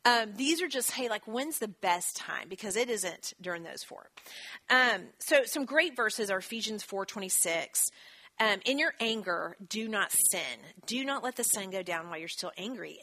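Lady in her 30s teaching a marriage class, bright voice, chatty, pokes fun at herself. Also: mid-range voice, animated. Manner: chatty, self-deprecating, quick asides. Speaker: speaker at a church marriage class. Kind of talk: teaching talk with scripture.

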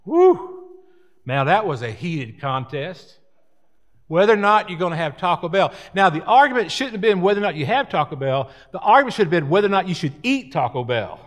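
A man's voice: high-pitched, big pitch swings, fairly quick, a bit bright. Folksy rambling preacher man. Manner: folksy, rambling with repeated words and asides. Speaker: pastor. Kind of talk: sermon.

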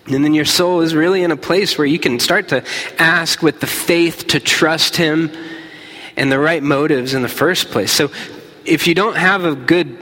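Male pastor, bright forceful voice, preaching w/ long hall reverb. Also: a little high, moderate pace. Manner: earnest, conversational preaching. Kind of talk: sermon.

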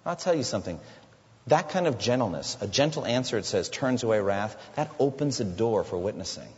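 A man's voice: expressive, brisk, a little mellow. A man preaching a sermon as a pastor, earnest, sometimes acting out the people in his stories. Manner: earnest preaching, voicing quoted figures with rising pitch. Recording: lo-fi sound with long hall reverb.

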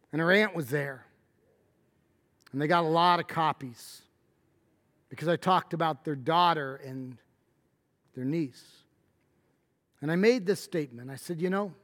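A middle-aged man, a pastor, preaching a sermon with emphatic stresses that rise to near shouts. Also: a little high. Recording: long hall reverb.

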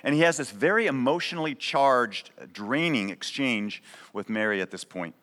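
A man's voice: medium pitch, moderate pace, a bit bright. Male pastor preaching in a reverberant hall. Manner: conversational, emphatic preaching with frequent "right?". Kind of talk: sermon. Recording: long reverb of a large hall.

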